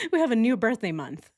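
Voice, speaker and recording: A woman hosts a casual livestream and reacts to true crime clips. Her pitch swings all over as she talks, and she laughs often. Her comments are sarcastic. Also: darkish tone.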